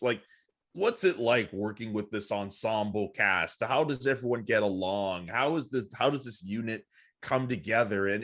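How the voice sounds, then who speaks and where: A man's voice: fairly low pitch, fairly bright tone. Casual rambling male podcast host. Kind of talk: casual interview chat.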